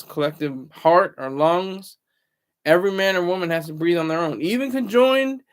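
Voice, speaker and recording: A man in his thirties hosts a casual livestream with a fairly high voice. He rambles from thought to thought, stopping to read out and answer viewer comments. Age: 30s. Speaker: livestream host.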